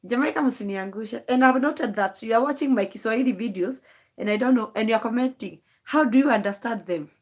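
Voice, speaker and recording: A woman's voice: on the high side, a little fast, darkish tone, highs cut off. A rambling woman. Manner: rambling, emotional, wandering thoughts. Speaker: vlogger. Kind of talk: late-night live stream monologue.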